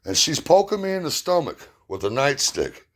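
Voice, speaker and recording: A man's voice: on the high side, big pitch swings, moderate pace. A man telling personal stories in a blunt, plain-spoken way, with emphatic retelling. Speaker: storyteller. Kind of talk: personal storytelling.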